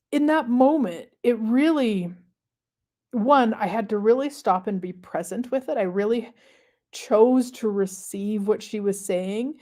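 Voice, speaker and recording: A woman hosting a live stream, talking casually and reflectively to viewers with many pauses and fillers. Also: medium pitch, warm tone. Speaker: host of a manifestation livestream.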